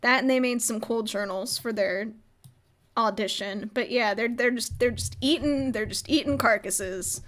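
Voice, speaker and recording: Young woman streamer, rambling recap, giggly, slightly high voice. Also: moderate pace, a bit bright. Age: young adult. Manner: rambling, giggly, lots of filler "like". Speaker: streamer recapping a roleplay server. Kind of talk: casual livestream chat.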